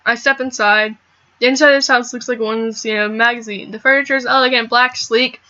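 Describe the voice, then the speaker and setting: Young woman reading a visual novel, animated, bit muffled mic. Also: on the high side, fairly quick. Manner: animated, laughs and swears at the game. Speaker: let's play gamer.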